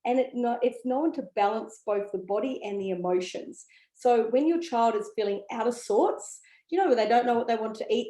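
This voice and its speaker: Her voice sits on the high side with a dark tone. An essential oil educator, she chats eagerly to camera about the oils, sprinkling in lots of ums and okays, and the room is echoey.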